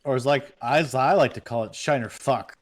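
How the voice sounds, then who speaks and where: A man's voice: medium pitch, moderate pace, slight background noise. A man from Minnesota chatting casually and joking while streaming a game. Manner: joking, playful, slips into silly mock accents. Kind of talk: casual gaming chat.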